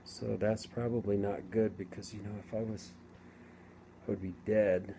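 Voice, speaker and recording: Middle-aged guy rambling thru his story, lowish mellow voice, faint room hum. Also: little pitch movement. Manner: rambling, halting, with many restarts. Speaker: vlogger telling his near-death story. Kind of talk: casual storytelling to camera.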